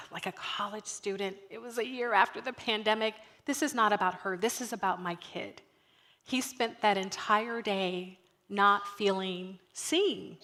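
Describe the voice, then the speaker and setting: A woman in her thirties telling a personal story to an audience in an animated way, acting out the dialogue and talking straight to the listeners. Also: medium pitch. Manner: animated, acts out dialogue, addresses the audience directly. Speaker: guest speaker at a youth ministry night.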